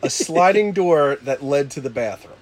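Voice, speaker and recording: A man casually telling a rowdy story with lots of swearing, shouting out the lines he quotes. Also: on the high side, normal speed, a little hiss or hum. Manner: animated, swearing, loud acted-out quotes. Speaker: podcast co-host telling a story.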